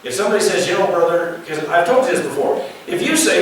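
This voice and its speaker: Animated pastor in an echoey hall. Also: male voice, high-pitched, quick pace, hardly any pauses. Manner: animated, acts out quoted voices, asks the congregation questions. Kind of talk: sermon. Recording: echoey room, mic at a distance, faint background noise.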